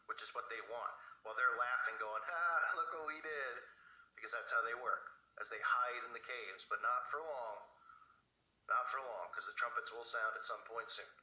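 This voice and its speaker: A man hosts his own show and delivers an impassioned, conspiratorial rant, acting out the voices of others as he goes. His tone is very bright and sharp, at a middle pitch. The room around him rings with echo. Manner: impassioned, conspiratorial, with acted-out quotes. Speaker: host. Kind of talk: solo commentary rant.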